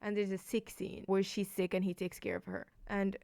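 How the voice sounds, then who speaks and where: Woman, casual home book reviewer, excitable rambling chatter, mid-range voice, dry close recording. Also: medium pitch, moderate pace, no room sound. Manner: chatty and rambling, heavy use of "like"; excitable, jumps between topics. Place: indoors at home.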